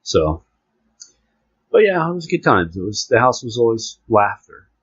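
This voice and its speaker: A man hosting a casual podcast, laughing often and reading a news story aloud with halting restarts. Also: medium pitch, very animated, husky, no room sound. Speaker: podcast host. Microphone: close podcast mic with headphones. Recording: dull lo-fi dry podcast audio.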